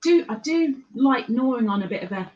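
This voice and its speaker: A woman's voice: fairly high pitch, lively intonation, moderate pace, a little mellow. Playful English woman, muffled audio. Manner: chatty, playful, jokes around. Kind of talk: casual chat on a live stream.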